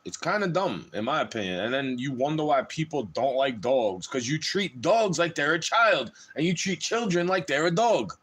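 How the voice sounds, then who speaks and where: A man's voice: on the high side, sing-song, moderate pace, hardly any pauses, a bit bright, husky. A man on a livestream delivering a heated, profane rant straight to his audience.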